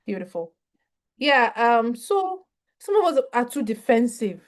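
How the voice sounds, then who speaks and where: Lively woman teaching over a video call. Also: on the high side, measured pace. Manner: lively, conversational, acts out little dialogues. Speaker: mental health trainer. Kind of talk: online training talk.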